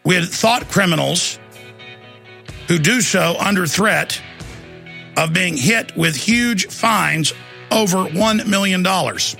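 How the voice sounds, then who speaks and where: A man hosting a political talk radio show, ranting and shouting with lots of repetition. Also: high-pitched, slow, creaky, long pauses, faint music behind.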